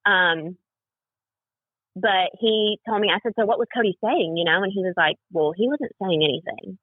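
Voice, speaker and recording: A woman's voice: mid-range voice, moderate pace, no room sound. Young woman telling a story, tinny phone sound. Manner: rambling, full of fillers, reenacts dialogue. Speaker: podcast guest. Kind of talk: personal story told in a casual interview.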